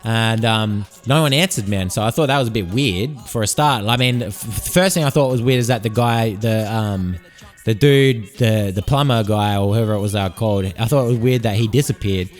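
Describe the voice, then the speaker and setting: Rambling podcast host. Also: male voice, lowish voice, normal speed, soft background music. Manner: joking, meandering, swears freely. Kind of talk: rambling solo podcast monologue.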